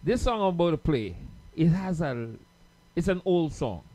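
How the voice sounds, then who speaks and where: A man's voice: fairly high pitch, sing-song, moderate pace, warm tone, no room sound. A man hosting a casual late-night radio show, playful and teasing, laughing often.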